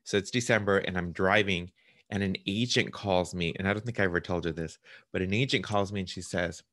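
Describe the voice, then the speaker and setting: Low-voiced man telling a lively story. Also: no echo, studio quality. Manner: animated storyteller acting out phone calls. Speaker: realtor hosting a client interview. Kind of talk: casual storytelling chat.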